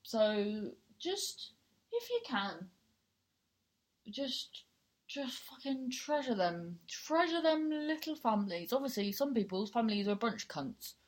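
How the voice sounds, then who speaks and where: A woman's voice: fairly high pitch, sing-song, measured pace. A woman talks straight to her listeners in a loose, rambling podcast monologue. She is blunt and frank and swears freely. She keeps starting her sentences over as she goes. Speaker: podcast host.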